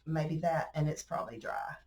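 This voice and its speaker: A woman's voice: deep voice, level tone, moderate pace, a crowd in the background. A woman with a Southern US accent hosting a casual crafting demonstration, chatty and folksy, laughing often. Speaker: crafting tutorial host. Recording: roomy, distant mic with faint ambience.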